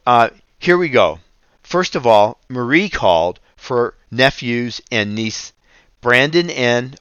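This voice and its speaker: A man hosting a radio ministry show, teaching and reading scripture in an earnest, unhurried way. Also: mid-range voice, fairly bright tone, clean tone, dry recording. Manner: slow, earnest, reads scripture aloud.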